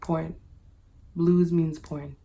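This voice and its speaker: A woman vlogger talks very slowly in a low, mellow, level voice. Addressing her viewers head-on, she tells a personal story in a casual monologue stuffed with "like" in nearly every phrase.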